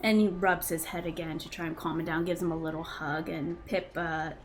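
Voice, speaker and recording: A woman's voice: deep voice, little pitch movement, fairly quick. A woman narrating a tabletop role-playing game as game master, in a chatty manner with frequent fillers. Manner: chatty, with many fillers and restarts.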